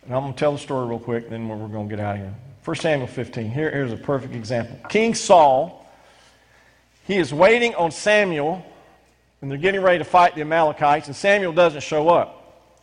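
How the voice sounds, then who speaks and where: A middle-aged man preaches with lively emphasis, doubling back on his words as he reads scripture aloud. His voice sits a touch high for a man. A long reverb hangs on every phrase, like a big church sanctuary. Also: a little fast. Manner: animated preaching with frequent restarts. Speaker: pastor. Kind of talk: sermon.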